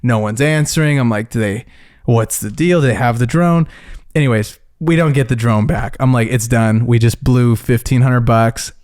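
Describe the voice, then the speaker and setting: A man's voice: medium pitch, moderate pace. A man co-hosting a podcast, telling stories in casual chat, acting out quotes and saying "dude" and "bro". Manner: animated storyteller, acts out quotes, says "dude" and "bro". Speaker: podcast co-host.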